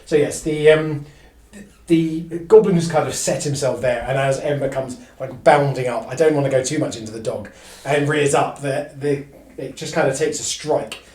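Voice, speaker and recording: A man running a live tabletop game as game master, narrating in halting bursts with lots of fillers and restarts. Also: medium pitch, darkish tone, echoey room, far from the mic.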